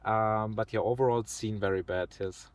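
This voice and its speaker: A man's voice: lowish voice, fairly even intonation, no echo. Earnest young man in an interview. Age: 20s. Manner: earnest, measured, searches for words. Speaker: podcast guest. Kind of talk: casual interview conversation.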